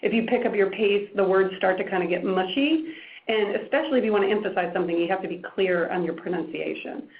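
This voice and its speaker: A woman presenting a media training workshop, demonstrating how to use pause, pitch, pace and projection. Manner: animated, demonstrating voice techniques. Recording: echoey room, lo-fi phone-like sound.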